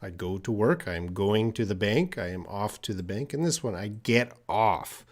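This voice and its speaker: A man teaching English on a live stream, answering viewer questions and explaining with many pauses and fillers. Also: lowish voice, lively intonation.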